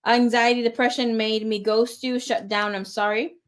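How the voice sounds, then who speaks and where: A woman's voice: fairly high pitch, flat delivery, normal speed. A woman giving a casual live tarot reading, chatty and rambling with fillers. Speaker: tarot reader.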